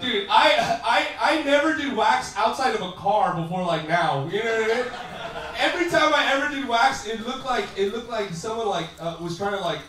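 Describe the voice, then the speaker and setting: A high-voiced man riffing crude and rambling with the audience, often laughing through his own lines. He sounds far from the mic, and his voice echoes heavily through a club full of people. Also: expressive, normal speed. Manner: profane, rambling, laughs often mid-sentence. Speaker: stand-up comedian. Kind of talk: crowd work stand-up. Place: comedy club stage. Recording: far-off roomy club recording with crowd.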